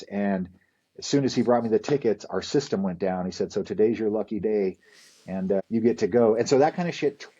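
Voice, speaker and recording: A man's voice: fairly low pitch, mellow, breathy edge, lo-fi sound. A middle-aged man telling candid, profane stories from his past in a casual interview. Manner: candid, profane, rambling storyteller. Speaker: podcast guest.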